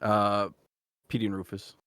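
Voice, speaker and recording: A man playing a tabletop game, asking questions slowly and hesitantly. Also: lowish voice, little pitch movement, fairly bright tone, dry recording, clean studio sound. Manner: slow, hesitant. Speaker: player.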